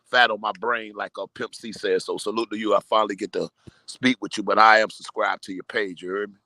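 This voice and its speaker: A man's voice: fairly low pitch, fairly even intonation, fairly quick, sharp tone, no echo. A man in casual group discussion, talking loosely in slang and building long metaphors. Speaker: truck driver and caller.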